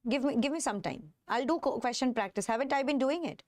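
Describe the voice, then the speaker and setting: Her voice sits high with lively intonation, and background noise runs under it as she teaches a live online chemistry class in an Indian English accent. She elongates stressed terms and repeatedly asks her students how they're doing.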